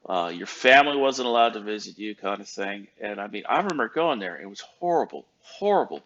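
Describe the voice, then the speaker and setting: Man in his fifties, fairly low voice, hesitant rambling commentator, muffled lo-fi sound. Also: sing-song, a little fast, a bit bright. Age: 50s. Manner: rambling, hesitant with many fillers. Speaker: YouTube commentator. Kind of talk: casual commentary.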